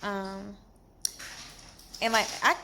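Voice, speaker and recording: A woman telling a storytime vlog from a hospital bed after surgery, animated and exasperated, in pain. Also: medium pitch, drawn-out words, noisy background. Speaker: vlogger.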